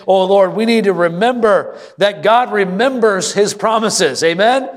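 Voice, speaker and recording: A man preaching a sermon from the pulpit, his voice pitched high and building to loud, fervent exclamations. He calls on the congregation to answer and respond. The sound rings with a long reverb from the church hall. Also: normal speed, hardly any pauses. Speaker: pastor. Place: church sanctuary.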